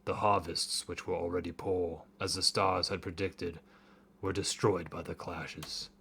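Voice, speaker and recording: A weary, burly old uncle, wounded and grim, as a man reads him aloud during a game playthrough. The delivery is low and somber, sitting a little below a casual talking voice. It is an everyday reading voice rather than a big character performance. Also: level tone, unhurried, gravelly, fairly bright tone, a little hiss or hum, heavily acted.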